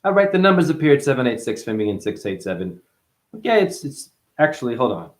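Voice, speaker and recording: An animated man preaching with profane, rambling bursts. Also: fairly quick. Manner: bursts into high yelps. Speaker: spiritual teacher. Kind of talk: animated spiritual monologue.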